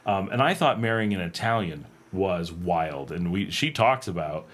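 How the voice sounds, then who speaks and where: Low-voiced American man, casual livestream chat. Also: normal speed. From North America. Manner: rambling, animated, laughs often, many fillers. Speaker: livestream host. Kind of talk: casual chat reading viewer comments. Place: home in Nicaragua.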